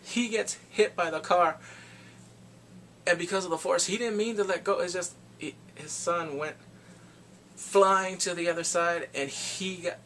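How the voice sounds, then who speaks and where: A man recapping a film in casual chat, animated and full of reactions. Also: high voice, a little slow, slight background noise. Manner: animated, reacts with exclamations and gasps. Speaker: movie reviewer.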